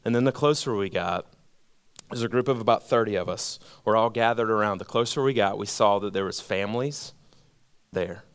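A man preaching a sermon, telling a story and letting his voice drop low and quiet at the heaviest moments, then building with emphatic repeated phrases. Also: fairly quick, clear, resonant tone, no echo. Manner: storytelling, drops low and quiet at emotional points. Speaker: pastor.

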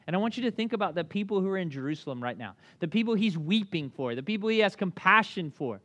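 A man's voice: high-pitched, quick pace. A man in his thirties preaching a sermon in a conversational style, telling stories with lots of "like" and "you know". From American South. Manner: conversational, animated storytelling with many "like" fillers. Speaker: pastor.

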